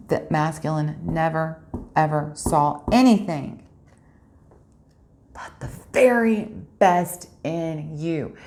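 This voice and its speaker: A woman's voice: low voice, darkish tone. A woman giving a spiritual tarot reading, talking earnestly and a bit preachily straight to her viewers. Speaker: tarot reader.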